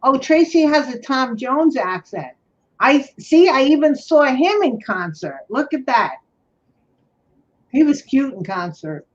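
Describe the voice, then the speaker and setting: A woman's voice: high-pitched, big pitch swings, measured pace. A woman with a New York accent, chatting casually with friends during a livestream. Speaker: livestream co-host. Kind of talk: casual chat. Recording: lo-fi livestream audio.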